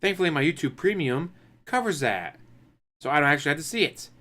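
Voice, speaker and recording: A man giving casual, sarcastic commentary as a streamer, mocking with quick impressions. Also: on the high side, animated, bright, forceful tone.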